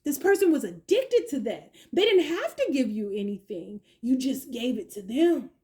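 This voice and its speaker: A woman giving a chatty tarot reading, slangy and playful, with quick asides. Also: on the high side, very animated, warm tone. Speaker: tarot reader. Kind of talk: casual tarot reading monologue.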